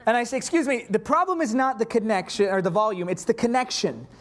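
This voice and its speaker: A man preaching a sermon, telling a story in an animated way and acting out his own prayers. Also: high-pitched, quick pace.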